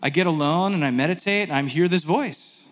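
A man teaching a sermon in a conversational, animated way, with self-deprecating asides. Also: fairly high pitch, brisk, big-room sound. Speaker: pastor.

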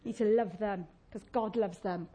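A woman preaching a sermon, chatty and warm-humoured, often asking the congregation questions and laughing. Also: mid-range voice, steady tone, moderate pace, a little hiss or hum.

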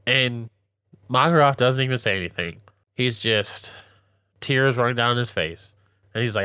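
A man's voice: medium pitch, normal speed, bright, forceful tone, clear, resonant tone, no room sound, clean studio sound. A young man co-hosting a podcast, chatting casually and emotionally about an anime, with lots of fillers.

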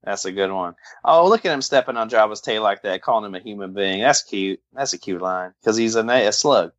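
A man co-hosting a podcast in casual chat, deadpan and jokey, sometimes drifting into a put-on drawl. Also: fairly low pitch, a little fast, dull audio. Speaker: podcast co-host.

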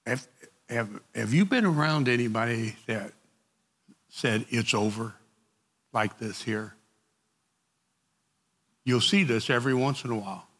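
A man leads a group Bible study in a bright, forceful voice. He speaks slowly and conversationally, often repeating words and restarting sentences. His voice carries a long reverb, as if the room is large and hard-walled. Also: medium pitch.

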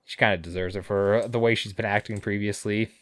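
A man co-hosting a podcast, recapping episodes casually with sarcasm, swearing and quick character impressions. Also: on the low side, fairly even intonation, a bit bright, no room sound. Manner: sarcastic, swears a lot, acts out characters' lines. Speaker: podcast co-host.

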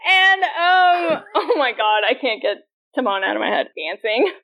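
A young adult woman co-hosting a podcast in casual chat, animated and laughing as she acts out quoted lines. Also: sits high, moderate pace, vocal fry, muffled recording. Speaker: podcast co-host.

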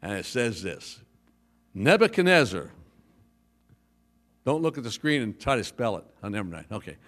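Lively joking pastor, a man. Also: lowish voice, normal speed. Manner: lively storytelling with jokes. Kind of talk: sermon.

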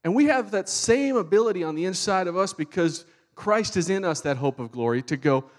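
A man preaching a sermon with animated, fervent delivery. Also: high voice, a little fast, few pauses. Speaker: pastor.

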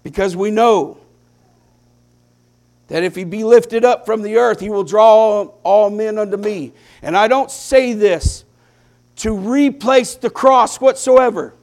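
A man delivers a sermon in a high, gravelly voice. He preaches slowly and deliberately, letting phrases stretch out. He swings between hushed, quiet passages and loud, impassioned peaks.

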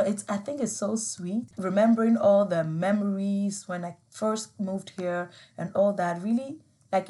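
A young woman from Ghana with a Ghanaian accent, telling a personal story to camera in an animated, emotional way, laughing often. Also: mid-range voice. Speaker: vlogger.

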